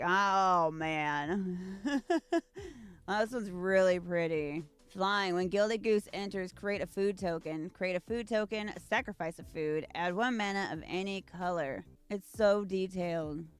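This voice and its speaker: A woman's voice: lowish voice, smooth. A young woman opening trading card packs at home, gushing over the art and reading card text aloud. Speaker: card-unboxing YouTuber. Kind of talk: casual card unboxing commentary.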